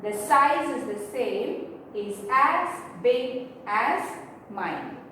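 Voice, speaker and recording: A woman's voice: a little high, animated, extremely slow, bright, forceful tone. A woman teaching a grammar lesson, explaining step by step and spelling out letters. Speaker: English teacher. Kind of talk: slow classroom grammar lesson. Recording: echoey room, mic far off, faint noise.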